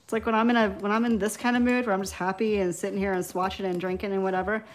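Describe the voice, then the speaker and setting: A woman's voice: medium pitch, steady tone, rapid-fire. Picture a scattered, giggly woman in her thirties with a New York accent, talking live to her viewers while she paints nail swatches. She's a little tipsy from wine and keeps losing her train of thought. Faint music plays behind her. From New York, Long Island. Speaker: nail beauty YouTuber. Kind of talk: casual live stream chat while swatching.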